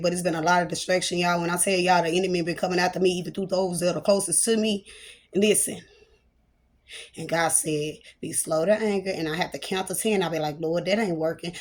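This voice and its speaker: A woman delivers a loose, conversational sermon as a prophetess. Her voice sits fairly low, and she is chatty and playful, dropping in exclamations of praise as she preaches. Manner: playful, chatty, breaks into laughter and church exclamations. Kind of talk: spoken prophetic message, casual preaching.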